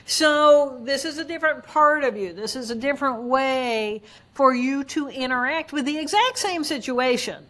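A woman with a somewhat high voice talks as a guest neuroanatomist. She explains in a lively way and slips into quick acted-out voices to make her points. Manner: animated, acts out examples in voices. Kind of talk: explanatory interview talk.

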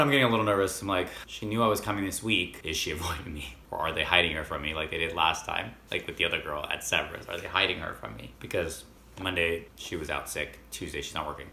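Fast-talking low-voiced man telling a story. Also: sharp tone, echoey room, slight background noise. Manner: fast, chatty retelling with acted quotes. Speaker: vlogger. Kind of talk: casual storytime vlog.

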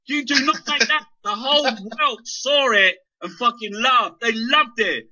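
A man's voice: extremely high pitch, unhurried, sharp tone. A man in an impassioned political rant, swearing heavily and stumbling over repeated words. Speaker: guest. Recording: dull lo-fi internet radio audio.

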